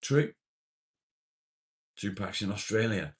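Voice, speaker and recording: Very deep-voiced, unhurried middle-aged man. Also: a bit bright. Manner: laid-back, swears freely. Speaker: live streamer reading viewer comments. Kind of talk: casual live-stream chat.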